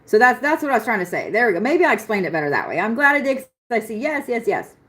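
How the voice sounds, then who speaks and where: This astrology reader, a young woman, speaks fast with a rather high, slightly bright and very animated voice. During her live-stream chart reading she's blunt, swears a lot, and laughs frequently.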